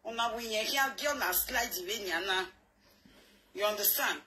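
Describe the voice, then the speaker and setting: A woman's voice: medium pitch, normal speed, bright, forceful tone, a little hiss or hum. A woman in a played voice message, cutting and quarrelsome.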